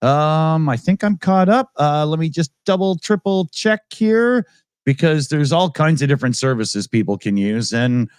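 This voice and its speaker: A man hosting a live online roundtable, relaxed and joking as he reads out chat and donations. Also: fairly high pitch, normal speed, clean tone, no room sound, clean studio sound. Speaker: host. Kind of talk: livestream hosting.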